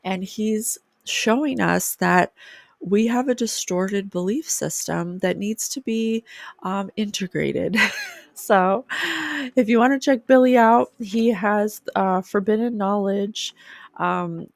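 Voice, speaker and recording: A woman's voice: mid-range voice, takes it slowly, vocal fry, no room sound. A woman hosting a spiritual podcast, talking earnestly and with feeling. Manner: earnest, emotional, reads affirmations aloud. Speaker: podcast host.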